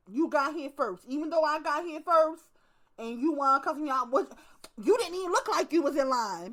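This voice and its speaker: Young woman host, high bright voice, profane and lively storytelling monologue. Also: normal speed. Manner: profane, animated storytelling with acted asides. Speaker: channel host. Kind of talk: casual monologue to camera.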